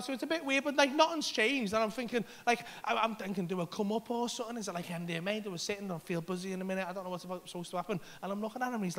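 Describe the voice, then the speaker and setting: Man, stand-up comedian, sweary animated storytelling, high-pitched, bright, comedy club stage. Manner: animated, swearing, acts out voices and panic. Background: audience laughter.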